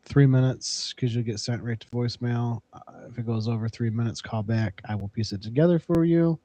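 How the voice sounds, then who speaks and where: A man co-hosting a casual podcast, reading plugs and trivia in an upbeat announcing way. His voice sits at an ordinary middle pitch, and the recording is dry and close. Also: brisk, warm tone, no room sound. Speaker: podcast co-host.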